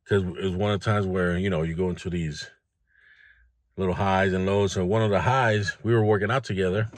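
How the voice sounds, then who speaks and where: A man's voice: low-pitched, fairly even intonation, a little fast, no room sound. A man hosting a self-improvement video, talking bluntly and candidly about his own struggles and speaking straight to the viewer. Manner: blunt, plain-spoken, addresses the viewer directly. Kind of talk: candid motivational monologue.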